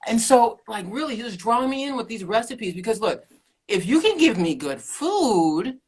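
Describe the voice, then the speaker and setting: A middle-aged woman, a keto coach and podcast guest, telling her story in an animated way, laughing often and acting out quotes. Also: on the high side, normal speed, husky. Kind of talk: casual interview chat.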